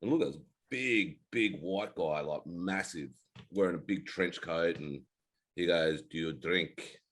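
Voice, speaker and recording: An Australian man in his forties with a very low voice chats casually as a co-host. He rambles through stories in a laid-back way and swears freely. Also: a little slow. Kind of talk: casual chat.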